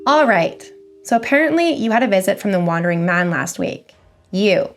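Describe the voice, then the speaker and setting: A woman doing a gruff, drawling male government agent. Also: mid-range voice, expressive, close to an everyday voice. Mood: commanding. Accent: American Western drawl. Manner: slow, blunt and commanding.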